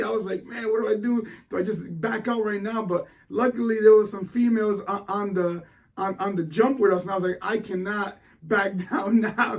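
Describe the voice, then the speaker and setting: High-voiced man telling an animated story. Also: far from the mic. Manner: animated, excitable storytelling with restarts. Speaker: motivational speaker. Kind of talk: motivational storytelling.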